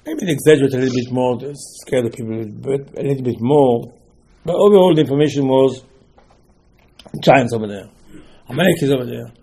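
Rabbi teaching Talmud, husky mid-range voice, animated lecture full of rhetorical questions. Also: male voice, mid-range voice. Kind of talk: Torah class lecture.

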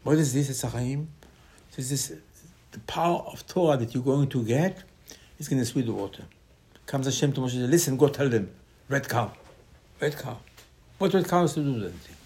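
A man in gives a Torah sermon, telling stories with sudden loud bursts and hushed asides. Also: mid-range voice, animated, a little fast. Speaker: rabbi teaching Torah.

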